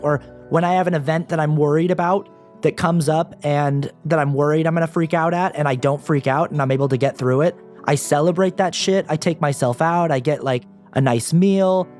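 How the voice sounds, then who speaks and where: A man's voice: fairly high pitch, a little mellow. Earnest self-deprecating young man. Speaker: guest. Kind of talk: candid personal interview talk.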